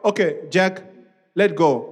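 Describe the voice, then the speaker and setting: A man voicing God, who speaks calmly and with assurance to a man in trouble. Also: high voice, slow, breathy edge, full character voice. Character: calm voice of God answering a desperate man. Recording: long reverb of a church hall.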